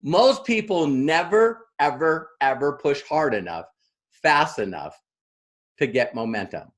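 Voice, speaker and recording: A man giving a motivational business training talk, animated and acting out other people's lines as he tells stories. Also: fairly high pitch, measured pace.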